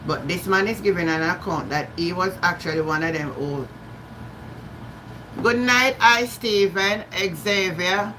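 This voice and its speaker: A woman's voice: lowish voice, measured pace, bright, forceful tone, slight background noise, rough recording. A Jamaican woman hosting a live stream, chatting casually, greeting viewers by name and slipping into patois. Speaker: livestream host.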